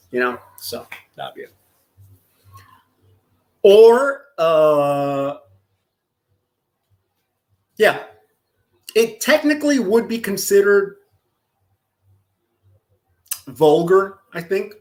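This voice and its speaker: A man's voice: fairly high pitch, big pitch swings, slow pace, pauses often, darkish tone. A man from Los Angeles chatting casually on a live stream, reading chat aloud with crude jokes and frequent laughter. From Los Angeles, California. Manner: crude, joking, often laughing.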